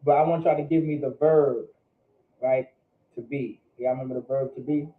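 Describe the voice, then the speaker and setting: A man's voice: medium pitch, fairly even intonation, moderate pace. A man teaching a vocabulary class in a conversational way, often asking his students questions and repeating words for them. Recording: echoey room over phone-like line.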